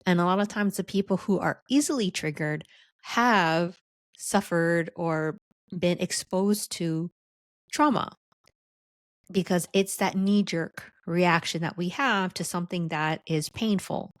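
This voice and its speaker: A woman hosts a podcast and teaches leadership in an easy, chatty way, often tossing in "right?" and "like". Her voice sits low and she takes her time with each phrase. The recording is close and dry. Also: unhurried, no room sound. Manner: conversational, frequent "right?" and "like". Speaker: leadership coach and podcast host.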